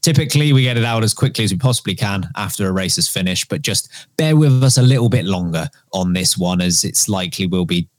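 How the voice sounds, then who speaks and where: A man hosting a casual motorsport podcast, relaxed with fillers. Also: deep voice, fast talker, few pauses. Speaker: podcast host.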